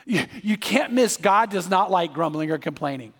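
A man's voice: high voice, animated, normal speed, a bit bright, slightly rough. A man preaching a sermon as pastor, emphatic, with repeated words and joking asides. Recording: long hall reverb.

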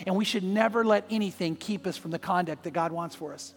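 A man's voice: sits high, quick pace, hardly any pauses, long reverb tail, soft background music. A man preaching a sermon as pastor, telling a personal story and acting out the voices in it. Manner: storytelling, acts out voices in anecdotes.

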